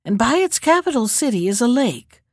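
A woman voicing a proud, boastful male dragon in a storybook reading, speaking slowly and mockingly. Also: fairly high pitch, sing-song, no echo, studio quality.

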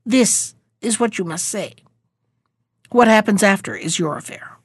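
A woman's voice: medium pitch, animated, measured pace, husky, no room sound, studio quality. A woman voicing a wise, commanding magic horse in a storybook, giving firm instructions.

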